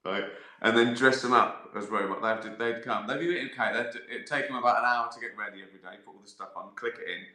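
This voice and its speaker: A man's voice: mid-range voice, fast, bright, forceful tone. A man hosting a casual livestream, rambling through viewer questions with lots of fillers, restarts and casual swearing. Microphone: phone or laptop livestream. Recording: roomy echoey sound.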